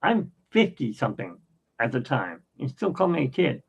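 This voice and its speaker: A man in his fifties hosting a podcast, rambling through anecdotes in a casual, halting way with many fillers. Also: medium pitch, very animated, gravelly, husky. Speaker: podcast host. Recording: dull lo-fi sound.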